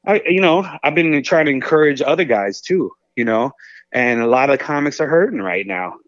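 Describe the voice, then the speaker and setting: A man's voice: medium pitch, lively intonation, normal speed, dry recording, highs cut off. A man, a comedian, chatting in a casual interview, rambling and jokey. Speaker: comedian guest.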